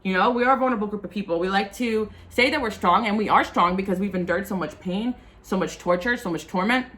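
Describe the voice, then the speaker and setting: A woman's voice: medium pitch, quick pace, fairly bright tone. A woman giving a tarot reading as a casual, impassioned, rambling monologue to her viewers. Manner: impassioned, rambling, frequent fillers. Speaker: spiritual tarot reader.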